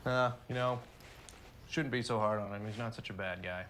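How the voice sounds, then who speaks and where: A man's voice: lowish voice, moderate pace, a bit bright, a little hiss or hum, lightly acted. An actor playing a young male missionary, easygoing and level-headed, in film dialogue. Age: young adult.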